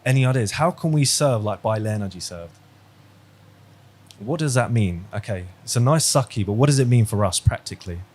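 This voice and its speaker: A man's voice: medium pitch, animated, fairly quick, darkish tone. A man teaching a religious class over a video call, chatty and quizzing his students, with stories along the way. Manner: conversational, quizzing students, storytelling. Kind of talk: online class lesson.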